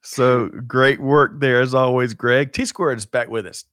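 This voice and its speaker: A man's voice: medium pitch, fairly even intonation, a little slow, a bit bright, no room sound, clean studio sound. A man co-hosting a livestreamed show in casual chat, upbeat and chatty, with frequent laughs and fillers. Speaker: co-host of a livestreamed supply chain show.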